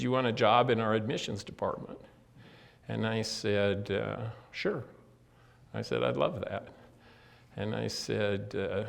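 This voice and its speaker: Man, storytelling, conversational, acts out dialogue, addresses inmates. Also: mid-range voice. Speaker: speaker addressing incarcerated people. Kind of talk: personal recovery story talk. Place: correctional facility.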